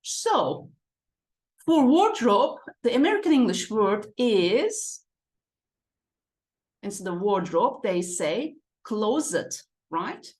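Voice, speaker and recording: A woman's voice: mid-range voice, sing-song, slow, a little mellow. A woman teaching an English lesson, drawing out and repeating words for her students. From Turkey. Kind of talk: online lesson walkthrough.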